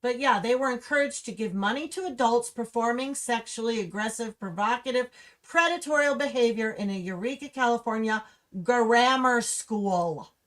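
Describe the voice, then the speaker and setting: A woman hosting a livestream gives angry, impassioned commentary that runs restless and ranting. Her voice sits a touch higher than most. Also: moderate pace, fairly bright tone. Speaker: livestream host. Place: Humboldt County, California.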